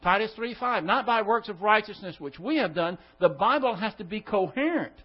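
Male Bible teacher, high voice, emphatic, quizzing the class; dull lo-fi recording. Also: animated, normal speed. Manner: emphatic, rhetorical questions to the class. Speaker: pastor.

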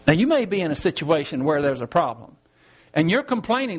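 A man with a fairly high voice preaches a verse-by-verse Bible study. He keeps it conversational, often asks his listeners rhetorical questions and chuckles as he explains the text. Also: very animated, a little fast, slightly rough. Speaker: Bible teacher. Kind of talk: verse-by-verse sermon.

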